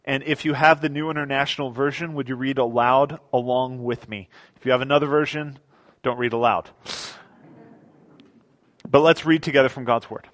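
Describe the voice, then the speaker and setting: A man's voice: medium pitch, steady tone, moderate pace, long pauses, a bit bright. A man preaching a sermon as pastor in a church, talking conversationally and often repeating words as he restarts his sentences. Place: church sanctuary.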